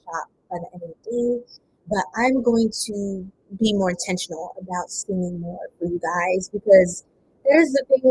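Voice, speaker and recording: A woman reading tarot cards on a casual livestream, chatting with viewers, laughing often and breaking into bits of song, with a voice strained from not warming up. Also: mid-range voice, husky, low-quality recording. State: voice a bit strained, not warmed up. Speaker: tarot reader.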